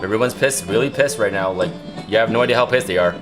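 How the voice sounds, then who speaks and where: Rambling, excitable man on a livestream. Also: on the low side, fast talker, over music. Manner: excited, rambling, repeats himself. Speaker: livestream host. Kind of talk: casual chat.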